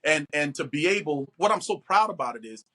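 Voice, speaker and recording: A middle-aged man, an actor, talking animatedly in an interview and acting out quoted voices. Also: a little fast. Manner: expressive, acts out quotes with big pitch jumps.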